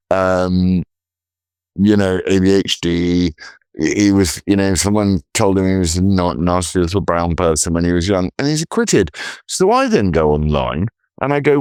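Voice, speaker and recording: A man co-hosting a podcast, talking in an animated, indignant way in long, run-on stretches. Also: sits low, dry recording. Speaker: podcast co-host. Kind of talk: casual political chat.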